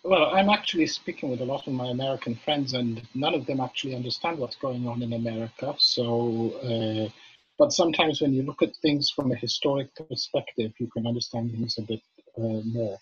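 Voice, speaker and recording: An older man who grew up in Jamaica, a guest on a video-call interview, explaining things in a measured way with many fillers. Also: medium pitch, slight background noise. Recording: muffled video call audio, dry.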